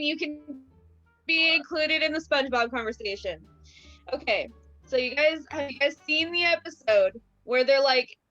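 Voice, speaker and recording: A woman's voice: high-pitched, fairly bright tone, dry recording. A young woman co-hosting a casual video-call chat, telling a story in a rambling, hesitant way. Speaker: co-host. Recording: dull, dry call audio.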